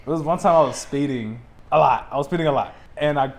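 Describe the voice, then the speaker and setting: A young man from Texas, a podcast host, telling a story in a casual, animated way and laughing often. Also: fairly high pitch, fast talker. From Texas, USA.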